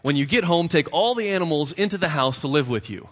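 A man voicing a wise, patient old rabbi who gives calm, measured advice. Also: a little high, voice pushed up. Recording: long reverb of a large hall.

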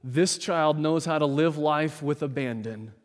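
Preaching man in a reverberant hall. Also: on the high side. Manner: measured, emphatic, with dramatic pauses and quoted voices. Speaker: pastor. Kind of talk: sermon.

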